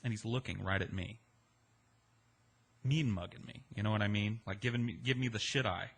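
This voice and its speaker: A man's voice: on the low side, moderate pace, gravelly, slightly rough. A man telling a personal story in a casual, conversational way, swearing freely. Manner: conversational, profane, animated in places.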